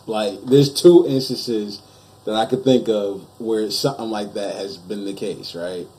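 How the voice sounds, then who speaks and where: Slow-talking laid-back reaction host man. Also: on the low side, mellow. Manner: laid-back, laughing, slangy. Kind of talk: casual reaction commentary.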